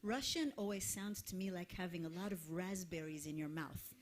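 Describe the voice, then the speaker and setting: A woman's voice: fairly low pitch, normal speed, a little hiss or hum. A woman, a singer talking between songs to a live concert audience in a playful, effusive way. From Israel. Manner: effusive and playful, laughing and gushing to the crowd.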